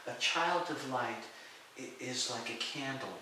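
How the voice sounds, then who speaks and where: A middle-aged man telling lively stories in an interview, acting out the voices of people he quotes and laughing often. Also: mid-range voice, a little slow. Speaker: interview guest, martial arts and healing teacher. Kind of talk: storytelling in a conversational interview. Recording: echoey room, far from the mic, faint hiss.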